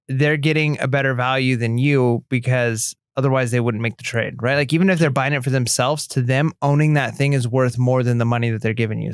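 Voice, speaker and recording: A man's voice: mid-range voice, clear, resonant tone, no room sound, studio quality. A man co-hosting a casual podcast, chatting and reading listener messages aloud in an encouraging way. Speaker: podcast co-host.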